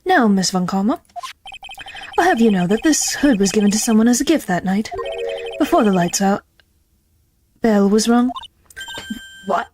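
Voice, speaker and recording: Girl doing a smug male lawyer, slow and sure of himself. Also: medium pitch, lively intonation, background noise, close to an everyday voice. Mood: confident.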